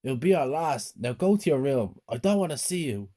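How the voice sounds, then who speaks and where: A man's voice: on the high side, big pitch swings, fast, mellow, husky, pitched above the performer's own voice. Man putting on a snarling, furious father. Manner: threatening, snarling. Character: angry abusive father, middle-aged man.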